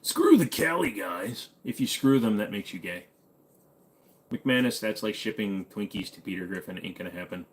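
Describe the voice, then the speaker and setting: A young American man hosts a live stream with a fairly low voice. He reads viewer comments aloud and answers in a relaxed, joking drawl, often padding his replies with "uh." It sounds like loose, unscripted chat. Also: moderate pace. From United States. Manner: laid-back, joking, drawling with frequent "uh" fillers. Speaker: host.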